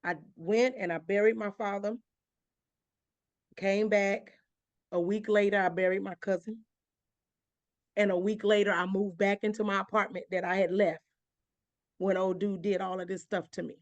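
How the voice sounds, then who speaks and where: A woman's voice: mid-range voice, steady tone, moderate pace, pauses often, dry recording, muffled recording. Impassioned woman, dry close sound. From Georgia, US. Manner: impassioned, repeats phrases, voice climbs when stirred. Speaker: interview guest, author and minister. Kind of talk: emotional personal testimony.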